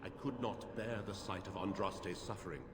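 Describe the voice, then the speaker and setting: A penitent ghost in a game, somber and remorseful, his voice lowish. It fades into a long reverb. Ambience hums beneath. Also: fairly even intonation, normal speed, a little hiss or hum. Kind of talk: game voice acting.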